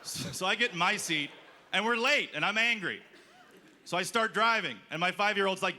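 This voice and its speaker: On a festival stage, a man performs stand-up, telling a story and acting out the lines of its characters. His high, expressive voice has a sharp tone and a moderate pace. The live club recording carries crowd noise and audience laughter.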